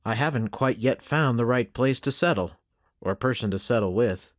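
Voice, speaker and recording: A man's voice: mid-range voice, normal speed, no room sound, close to an everyday voice. A man playing a polite, plain-spoken wandering cowboy, close to his own voice. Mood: easygoing.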